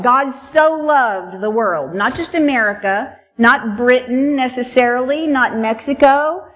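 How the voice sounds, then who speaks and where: A middle-aged woman pastor preaching a sermon in a conversational, earnest way, with many "you know" asides. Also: a little high. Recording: slightly dull, lo-fi sound.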